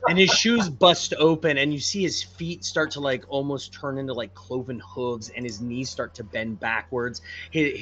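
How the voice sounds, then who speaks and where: A man's voice: mid-range voice, lo-fi sound. Man narrating his character's transformation. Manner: animated, builds up vivid descriptions. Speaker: player.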